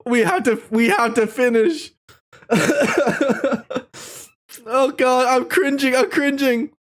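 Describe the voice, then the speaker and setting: A woman's voice: high voice, slow pace. A young woman reading an AI-written story aloud, reacting with giggly, shrieking exclamations. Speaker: streamer.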